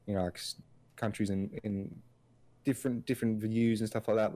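A man's voice: on the low side, flat delivery, fairly quick, dark tone, no echo. A man co-hosting a casual podcast, rambling through his points with lots of filler words and restarts. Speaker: podcast co-host. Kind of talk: casual chat.

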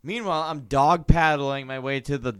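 A man's voice: mid-range voice, moderate pace, crowd noise. A man chatting on a podcast and telling a story in a rowdy, profane way. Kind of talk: casual chat.

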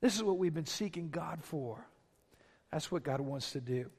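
A man's voice: fairly high pitch, animated, normal speed, darkish tone, breathy edge. A man preaching a sermon as pastor, with impassioned, emphatic repetition. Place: large church sanctuary. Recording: long reverb of a large hall.

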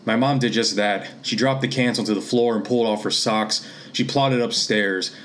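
A man from Pennsylvania reading his own literary fiction aloud in a steady, measured way. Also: on the low side, slight background noise. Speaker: author and reader.

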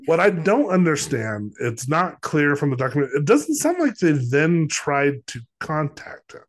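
A man's voice: fairly high pitch, big pitch swings, unhurried. A man co-hosting a podcast, casually retelling a story, with lots of "like" fillers and voiced quotes. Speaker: podcast co-host.

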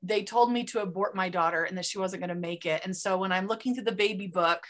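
A woman's voice: medium pitch, quick pace, a bit bright. A woman hosting a podcast, chatty and self-deprecating, rambling with fillers as she talks with a guest. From Utah. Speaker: podcast host. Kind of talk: casual interview chat.

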